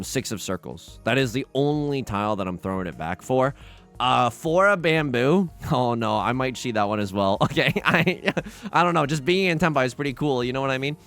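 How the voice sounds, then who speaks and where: Chatty gravelly-voiced young man. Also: medium pitch, a bit bright. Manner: chatty, self-mocking, thinks aloud with frequent laughs. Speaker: let's play host. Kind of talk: casual gameplay commentary.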